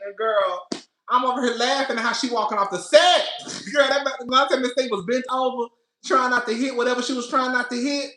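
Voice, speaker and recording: A man hosting a casual reality TV recap, animated and laughing often, calling his listeners "girl". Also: very high-pitched, normal speed, a little hiss or hum. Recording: echoey room.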